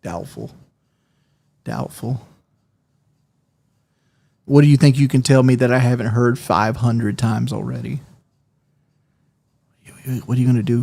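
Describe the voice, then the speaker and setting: A man's voice: mid-range voice, creaky, mellow. A man streaming a game, chatting casually in a rambling, profane way and often laughing. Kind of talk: casual livestream chat.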